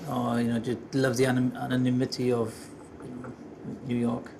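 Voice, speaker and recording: A man's voice: mid-range voice, completely flat delivery, a little fast, noisy background. A man interviewing an actor, chatty and teasing with eager questions. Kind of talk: casual interview chat.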